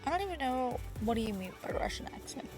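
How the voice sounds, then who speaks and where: A young adult woman streaming a game, excitable and swearing freely as she chats. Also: high-pitched, fast, music in the background. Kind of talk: casual gameplay chat.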